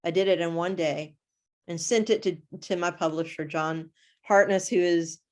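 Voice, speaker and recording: Guest author, female, slightly low voice, lively anecdotal delivery. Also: moderate pace. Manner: animated storytelling, acts out her own reactions. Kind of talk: casual interview chat.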